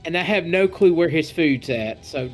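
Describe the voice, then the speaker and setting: A man playing a tabletop role-playing game, speaking in a measured way as he reasons things out in character. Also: on the high side, lively intonation, faint music behind. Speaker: player.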